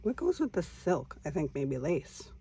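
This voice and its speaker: A woman hosting a casual crafting vlog, talking quietly to herself as she works. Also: deep voice, sing-song, unhurried, breathy edge. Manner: quiet, mutters to herself while working. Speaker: crafting channel host.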